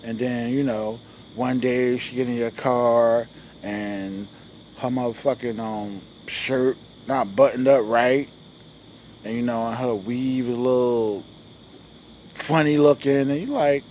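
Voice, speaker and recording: A man's voice: measured pace, a little mellow, a little hiss or hum. A man hosting a comedy show, telling a loose, slangy stand-up monologue and acting out the people in his stories. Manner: loose slangy storytelling, acts out dialogue in shifting voices; sings a repeated show jingle in a high voice.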